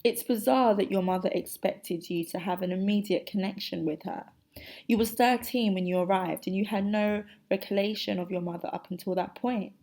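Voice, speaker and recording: A woman hosts a podcast interview, putting questions to her guest. Her delivery is measured and composed. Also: medium pitch, fairly even intonation, mellow. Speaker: podcast host.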